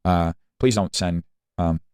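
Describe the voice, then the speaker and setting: A man's voice: deep voice, fairly even intonation, takes it slowly, darkish tone, smooth, no echo, studio quality. A man livestreaming and defending himself combatively against a viewer. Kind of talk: livestream argument.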